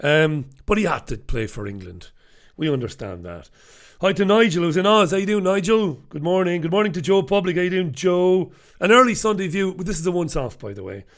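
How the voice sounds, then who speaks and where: A middle-aged man chats his way through a live stream in his home studio, rambling and poking fun at himself. His voice sits a little high for a man. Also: sing-song, brisk. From Ireland. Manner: chatty, self-mocking, rambling. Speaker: host. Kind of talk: casual live-stream chat.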